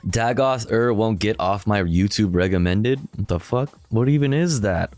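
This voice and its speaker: A laid-back man with a low voice talks loosely to his viewers, cursing casually and reacting to clips as he goes. His speech is easygoing and unpolished, with faint music in the background. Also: moderate pace, darkish tone, dry recording. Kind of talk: casual livestream chat.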